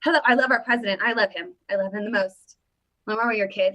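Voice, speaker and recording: A woman's voice: medium pitch, rapid-fire, highs cut off. A woman hosting a casual livestream, playfully greeting viewers by name as she chats. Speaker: livestream host.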